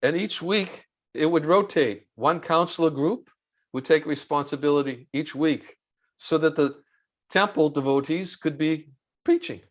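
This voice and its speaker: A man with a fairly high voice tells a story for an interview, easing along with pauses and filler sounds. He speaks as a monk recalling old times, plain and unhurried. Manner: unhurried, halting with fillers, chuckles while recalling.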